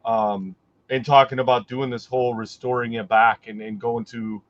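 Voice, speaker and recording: A man's voice: medium pitch, flat delivery, moderate pace, muffled recording. A man co-hosting a casual livestream chat, speaking in a hesitant, conversational way with many fillers. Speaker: co-host.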